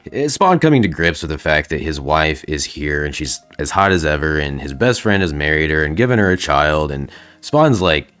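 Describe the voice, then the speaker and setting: Very deep-voiced laid-back male host. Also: lively intonation, moderate pace, few pauses, fairly bright tone, clear, resonant tone. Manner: laid-back and slangy, with many fillers. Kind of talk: casual comic book recap.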